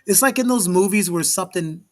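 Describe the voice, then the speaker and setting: Higher-voiced storytelling man host. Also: fairly quick. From Miami, Florida. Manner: animated storyteller, acts out the dialogue. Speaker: show host. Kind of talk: casual chat on a live show.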